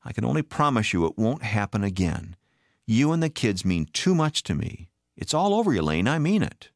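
Man doing a guilty pleading husband, rising emotional pitch, dry close sound. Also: animated, fairly quick, vocal fry, dry recording. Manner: begging, emotional. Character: remorseful pleading unfaithful husband.

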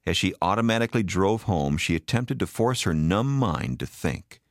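A man reading a story aloud as an expressive audiobook narrator. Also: sits low, moderate pace, no room sound, clean studio sound.

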